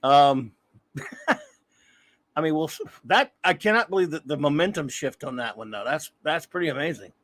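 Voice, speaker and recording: A man's voice: a little high, expressive, normal speed, long pauses, a bit bright. A man hosting a casual comics livestream, talking in a rambling, self-deprecating way with many restarts. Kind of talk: casual chat.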